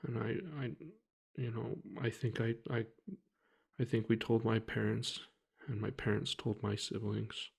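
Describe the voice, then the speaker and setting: A man speaks slowly in a low, gravelly voice as he tells his own story to the camera. He halts often and restarts his sentences, and his speech stays quiet and heavy throughout. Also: little pitch movement. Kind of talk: personal account told to camera.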